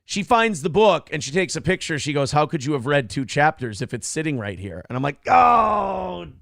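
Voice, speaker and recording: A young man co-hosting a casual morning show tells a long story with lots of energy, jumping into other people's voices as he quotes them and swearing freely. His voice has a gravelly, fried edge and sits a little high. The recording is close and dry. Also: lively intonation, a little fast, no room sound.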